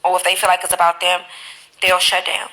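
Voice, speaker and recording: A woman chats on her live stream, telling stories with plenty of swearing. Her voice is gravelly and edged with fry, and it has a bright, sharp tone. She talks straight into her phone. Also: on the low side, a little fast, faint music behind, poor audio. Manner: animated, profane storytelling. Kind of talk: casual live-stream chat.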